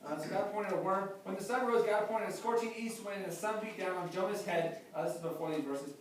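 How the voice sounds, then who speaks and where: A man preaching a sermon as pastor, animated and playful, acting out quotes with humor. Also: sits high, fast. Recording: distant mic, very echoey hall, faint noise.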